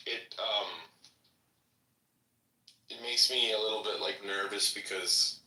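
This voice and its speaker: Hesitant low man in an echoey room. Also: level tone, sharp tone, distant mic. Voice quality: hesitant, halting. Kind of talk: casual chat.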